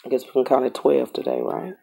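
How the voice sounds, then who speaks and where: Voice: mid-range voice, big pitch swings, fast, gravelly, dark tone, slightly rough. A tarot reader giving a casual reading straight to the camera, emphatic and repetitive.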